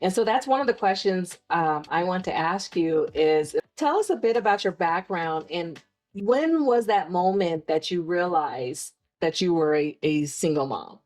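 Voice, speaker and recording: A woman's voice: lowish voice, animated, measured pace, darkish tone. A woman hosting an interview, encouraging her guest and asking long, rambling questions. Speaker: interview host. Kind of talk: conversational interviewing.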